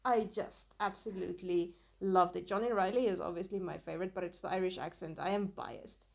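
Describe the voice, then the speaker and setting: A woman's voice: lowish voice, a little fast, vocal fry. Gushing woman book editor chatting. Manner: gushing and enthusiastic. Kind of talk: casual podcast book chat.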